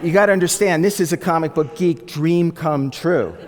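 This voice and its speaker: A man telling a personal story to an audience, acting out the people he quotes in lively voices. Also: fairly high pitch, normal speed. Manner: animated, acts out the people he quotes. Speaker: speaker telling his life story. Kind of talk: storytelling talk. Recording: long hall reverb.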